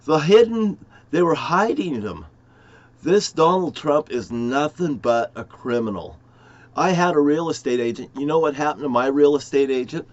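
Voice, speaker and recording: A man rambling profanely to camera in a conspiratorial monologue, jumping from topic to topic with sudden loud outbursts. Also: on the high side, expressive, moderate pace, lo-fi sound. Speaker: vlogger.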